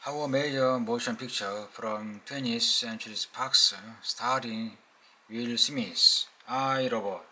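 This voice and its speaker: Korean-accented male reader, deliberate halting pace, bright crisp tone, audiobook practice. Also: mid-range voice, fairly even intonation, low-quality recording. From South Korea. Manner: slow, halting reading with small slips. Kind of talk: reading a novel aloud.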